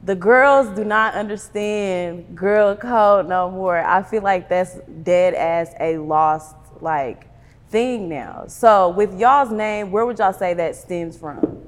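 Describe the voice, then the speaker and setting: A woman's voice: medium pitch, slow pace. Upbeat young woman interviewer, casual slangy questions, long echo. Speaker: interview host.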